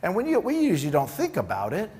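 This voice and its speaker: A middle-aged man preaching in a loose, conversational way, joking with his listeners and slipping into little acted-out prayers. His voice sits a touch higher than most men's. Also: huge pitch swings, fast, darkish tone. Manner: informal and joking, acts out prayers and Bible quotes in character. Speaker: pastor. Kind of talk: conversational sermon.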